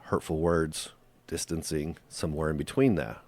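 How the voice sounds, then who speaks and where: Deep-voiced man giving earnest relationship advice. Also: moderate pace, darkish tone, dry recording. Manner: earnest, conversational, uses rhetorical questions. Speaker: podcast host. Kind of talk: faith-based relationship advice monologue.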